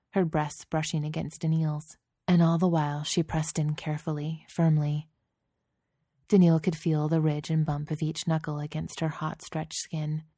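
A woman narrating a scripted story in a steady, intimate reading voice, close to the mic. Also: low-pitched, no room sound.

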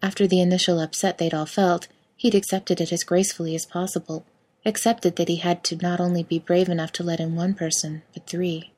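A woman reading fan fiction aloud in an even, measured narration. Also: fairly low pitch. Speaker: reader.

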